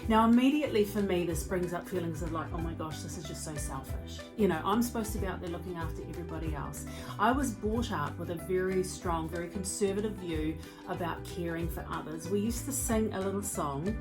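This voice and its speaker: With music playing in the background, a woman who speaks and educates on mental health delivers a motivational talk full of expressive, conversational storytelling. She speaks briskly in a fairly low voice.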